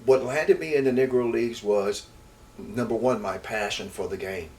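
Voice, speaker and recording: An older man with a lowish voice and normal speed, formerly a baseball player and from Houston, Texas, reminisces in an interview. His storytelling rambles with repeated words and restarts, gaining energy as he remembers. Faint background noise accompanies the distant mic.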